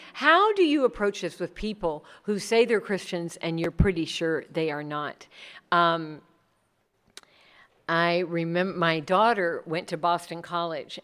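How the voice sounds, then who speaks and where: A middle-aged woman speaks to a room in a lower voice, chatty and animated. She slips into other people's voices when she quotes them. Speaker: speaker leading a workshop. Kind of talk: conference talk.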